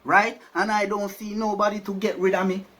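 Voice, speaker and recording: Man playing an old Jamaican ghost man, stubborn, quiet menace. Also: sits high, flat delivery, fairly quick. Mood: eerie calm. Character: old male duppy ghost, eerie, stubborn.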